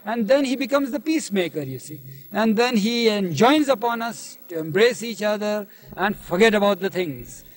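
A man with a high voice recalls old stories in an archival interview from 1971. He talks at a leisurely pace and keeps adding "you see" as he goes. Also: animated, moderate pace, no room sound, poor audio. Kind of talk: anecdotal storytelling interview.

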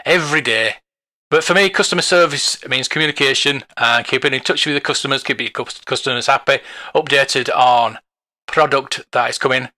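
Chatty bright-voiced man. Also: mid-range voice. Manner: chatty, rambling, chuckles often. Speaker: toy collector vlogger. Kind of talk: casual review monologue.

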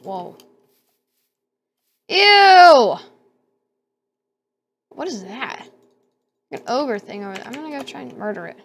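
A woman's voice: on the high side, animated, fairly quick, a little hiss or hum. A woman giving casual let's-play commentary, talking to herself and squealing at danger. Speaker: gamer.

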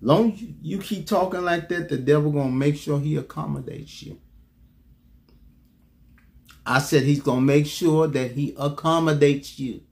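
A preacher with a voice a touch higher than most men delivers a sermon. He says his main points twice and keeps calling out to the congregation. His pitch jumps suddenly when he presses a point. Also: moderate pace, gravelly, a little mellow. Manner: emphatic, repeats key lines, sudden leaps in pitch; calls out to the congregation for response.

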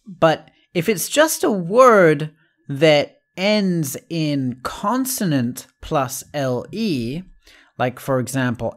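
Slow, patient male English teacher. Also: on the high side, very animated. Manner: explains patiently, checks in with frequent "right?"; spells out letters and repeats example words slowly. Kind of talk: recorded online lesson.

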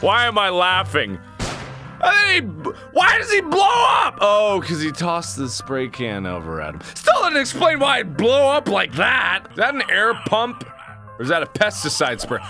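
A man's voice: sits high, huge pitch swings, normal speed, sharp tone, faint music behind. A man hosting a gaming video, giving let's play commentary with horrified exclamations and frequent laughter.

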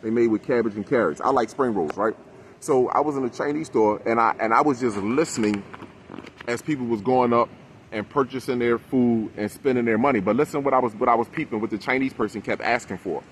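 A man's voice: mid-range voice, fairly quick, a little hiss or hum. A man in an impassioned, profane rant, preaching to his audience as "my people".

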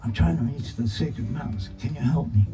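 A man's voice: medium pitch, moderate pace, distant mic, music in the background, voice pushed up, lightly acted. A man voicing a small, eager male mouse who talks earnestly and a bit anxiously.

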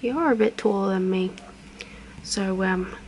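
Brief: young woman, whispered ASMR role-play, unhurried, soft friendly chatter, faint background hiss. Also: mid-range voice, creaky, low-quality recording. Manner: soft whisper with chatty asides, counting slowly. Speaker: ASMR creator.

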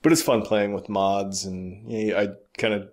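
A man's voice: on the low side, level tone, moderate pace. A man co-hosting a podcast, chatting casually about games and movies with blunt, opinionated remarks and casual swearing. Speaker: podcast co-host.

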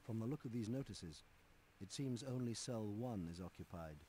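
A man voicing a calm undercover agent in a video game, speaking in a steady, reassuring way. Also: on the low side, moderate pace, slight background noise, lightly acted.

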